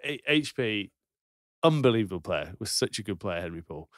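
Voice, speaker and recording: A man's voice: on the low side, big pitch swings, moderate pace, fairly bright tone, no room sound, studio quality. A man in his thirties, a podcast co-host and former rugby player, telling a story casually and laughing at the punchlines. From England.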